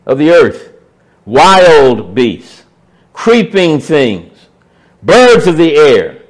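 A man preaching a sermon, stressing key words by repeating them and swinging between loud emphasis and hushed asides. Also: on the high side, poor audio.

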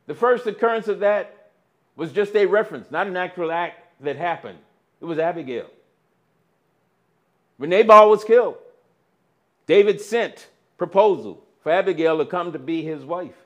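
A man preaching a sermon, slow and deliberate, with dramatic swings between loud emphasis and near-quiet. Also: high-pitched, lively intonation, muffled recording.

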